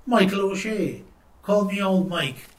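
A woman voicing a friendly, chatty old traveller in a storybook reading, with a husky tone. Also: medium pitch, lively intonation, a little slow, roomy sound, distant mic, voice pushed up, natural voice. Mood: genial. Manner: genial, chatty.

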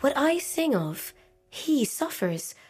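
A woman's voice: high-pitched, sing-song, takes it slowly, darkish tone, pitched above the performer's own voice, exaggerated voice. A woman voicing a small female nightingale, tender and longing, with a lilting, yearning delivery, over faint music in a storybook reading. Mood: rapturous.

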